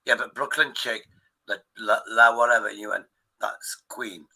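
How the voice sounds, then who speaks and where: A man's voice: medium pitch, steady tone, creaky, pushed and bright, low-quality recording. A man chatting casually on a stream, swearing and joking. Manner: swearing, banter, quick asides. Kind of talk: casual chat.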